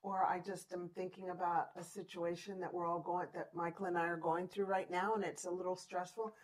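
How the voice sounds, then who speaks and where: A woman's voice: fairly low pitch, flat delivery, brisk, poor audio. A woman co-hosting a chatty show, encouraging her listeners and often breaking into laughter. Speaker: podcast co-host. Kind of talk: casual chat.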